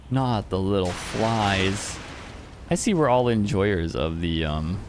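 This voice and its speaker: A man's voice: lowish voice, animated, slow pace, noisy background. A man streaming an online game, giving casual commentary in a playful, teasing way with frequent chuckles.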